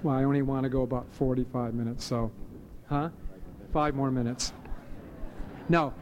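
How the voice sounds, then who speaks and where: A man's voice: mid-range voice, fairly even intonation, moderate pace, darkish tone, a little hiss or hum. Earnest rambling man in his late fifties. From Hawaii. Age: late 50s. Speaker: speaker sharing at a recovery meeting. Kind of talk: personal testimony to a live audience.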